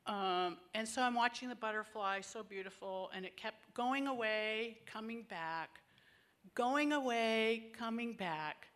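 A woman's voice: fairly high pitch, unhurried, fairly bright tone. A woman speaking to a group of women about grace, telling a personal story in an earnest, conversational and emotional way. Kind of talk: personal testimony talk.

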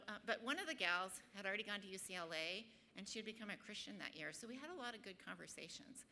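Bright, gravelly woman giving a faith talk. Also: mid-range voice, a little hiss or hum. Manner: chatty, lots of ums, laughs at herself. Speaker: speaker at a Bible study group. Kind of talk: personal faith testimony and Bible teaching.

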